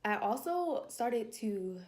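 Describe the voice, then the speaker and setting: A young woman telling a personal story to camera in a casual vlog, animated and laughing as she acts out her own thoughts. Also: a little high, slow pace. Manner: animated, laughing, acting out her inner dialogue. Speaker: vlogger.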